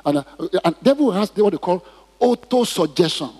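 A man's voice: high-pitched, lively intonation, moderate pace, darkish tone, slightly rough. A man preaching a sermon in church, asking the congregation questions and drawing responses. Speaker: pastor. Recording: reverberant hall.

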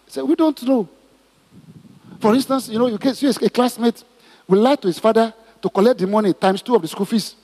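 Male pastor, middle-aged, high husky voice, emphatic sermon, long hall reverb. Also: fast. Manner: emphatic, repetitive, animated preaching with stammered restarts.

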